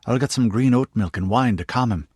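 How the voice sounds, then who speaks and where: A man voicing a brisk, protective healer woman who scolds sharply, in an audiobook. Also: mid-range voice, a little mellow, husky, no echo, studio quality, voice pushed up, lightly acted. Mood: scolding.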